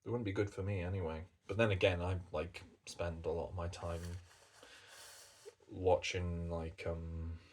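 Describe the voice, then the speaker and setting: A man's voice: sits low, little pitch movement, measured pace, darkish tone. A British man chatting casually as a coffee reviewer, rambling along and swearing in passing. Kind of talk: casual chat.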